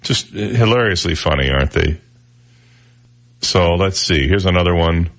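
A man's voice: deep voice, expressive, moderate pace, a bit bright. A male radio talk host reading jokes aloud in a dry, sarcastic manner.

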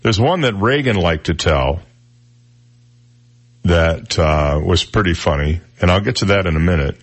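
A man's voice: sits low, animated, unhurried, husky. A male radio talk host reading jokes aloud in a dry, sarcastic manner.

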